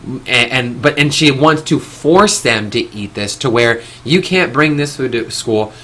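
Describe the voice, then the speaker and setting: A man's voice: medium pitch, animated, a little slow, sharp tone. A man hosting a live stream, talking in an opinionated, rambling way with frequent restarts and casual swearing.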